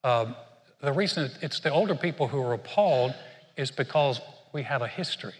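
A man's voice: mid-range voice, animated, fairly quick, long reverb tail. An older man preaching a sermon in a conversational way, often repeating words as he restarts his sentences. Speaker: pastor.

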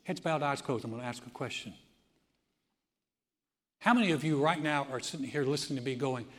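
A man's voice: fairly quick, long pauses. A man preaching with long church reverb. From United States. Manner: swings from loud emphatic preaching to quiet, low prayer. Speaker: pastor. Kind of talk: sermon. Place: church sanctuary.

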